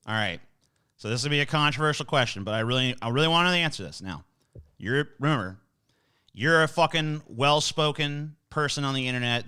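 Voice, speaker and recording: A man's voice: medium pitch, pushed and bright, clear, resonant tone. A young man hosting a casual interview, asking provocative questions in a joking, profane way. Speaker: host.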